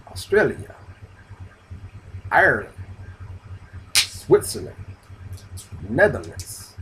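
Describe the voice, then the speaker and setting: A man's voice: fairly high pitch, slight background noise. Profane scolding man ranting spiritually. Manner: scolding, profane, street slang, repetitive. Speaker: spiritual video host. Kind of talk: preachy spiritual rant to camera.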